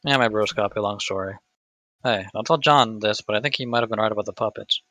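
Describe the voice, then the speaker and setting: A man's voice: fairly low pitch, fast, pushed and bright, no echo. A man reading as a laid-back teenage boy who talks offhandedly and swears casually. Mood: offhand. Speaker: reader in a group readthrough. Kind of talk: live unscripted fan script reading.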